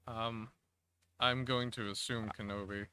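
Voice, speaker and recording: A man's voice: on the low side, level tone, a little slow, sharp tone, smooth. A man answering trivia on a casual podcast, laid-back and swearing casually. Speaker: podcast co-host answering quiz questions. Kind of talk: casual chat.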